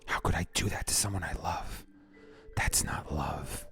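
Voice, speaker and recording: A man's voice: deep voice, moderate pace, creaky, fairly bright tone, soft background music. A man reading a heartbroken young woman's lines from a game aloud as whispered role-play, pleading and blaming herself. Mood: resolved. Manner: pleading, self-reproaching, breaks into unvoiced whisper.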